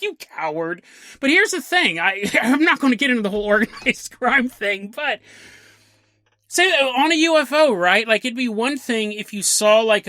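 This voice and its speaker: Lively, bright-voiced male podcast host. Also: sits high, no room sound, studio quality. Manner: laughs often, jokey asides, voices quick characters. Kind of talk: casual storytelling monologue.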